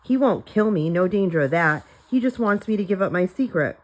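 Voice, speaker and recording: Woman reader as an irritable, suspicious old man; gruff, orders barked, slightly low pitch. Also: expressive, a little fast, natural voice.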